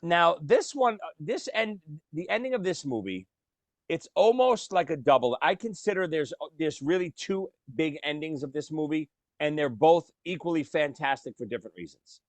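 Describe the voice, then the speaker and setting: Excitable man with a higher voice. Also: moderate pace, no room sound. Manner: animated, swears casually, acts out movie lines. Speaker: podcast co-host. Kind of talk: casual chat.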